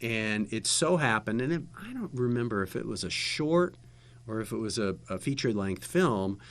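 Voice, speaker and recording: Man telling a lively anecdote. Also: fairly low pitch, normal speed. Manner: lively anecdotal storytelling with laughter. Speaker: guest, former TV interviewer. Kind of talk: casual storytelling chat.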